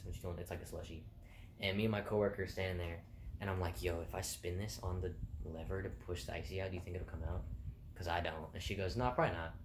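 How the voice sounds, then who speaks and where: A young man casually telling funny stories from his job, often laughing, rambling and swearing. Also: low-pitched. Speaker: vlogger telling work stories. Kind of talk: casual storytelling. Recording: echoey room with faint noise.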